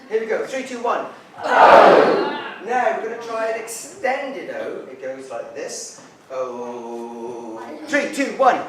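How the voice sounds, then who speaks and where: A man presenting a playful science show to a theatre audience, leading call-and-response with sudden loud shouts. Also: extremely high pitch, lively intonation, normal speed. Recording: echoey hall from far off, loud crowd noise.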